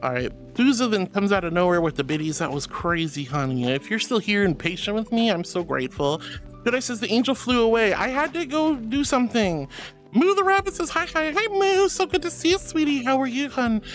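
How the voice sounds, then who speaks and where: A woman's voice: mid-range voice, animated, a little fast, faint music behind. A woman VTuber chatting casually with viewers, reading their messages aloud and calling them honey and sweetie. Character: furry angel VTuber avatar. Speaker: VTuber streamer.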